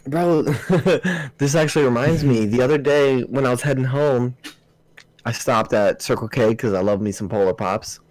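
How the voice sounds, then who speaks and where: A young man co-hosting a podcast, telling stories in relaxed, slangy casual chat with swearing. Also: medium pitch, normal speed, low-quality recording. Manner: laid-back storyteller, slangy, swears. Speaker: podcast co-host.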